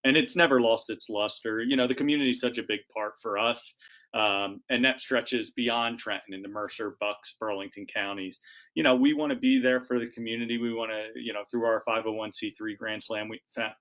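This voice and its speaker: Earnest low-voiced team executive. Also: male voice, brisk, fairly bright tone. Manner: earnest, many "you know" and "um". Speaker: team president. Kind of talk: conversational answer. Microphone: video call. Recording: dull video-call audio.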